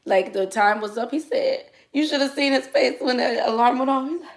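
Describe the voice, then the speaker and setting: Chatty woman with a gravelly edge. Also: high-pitched, a little fast. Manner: chatty, colloquial, drops to soft asides. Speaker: dancer. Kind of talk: casual storytelling.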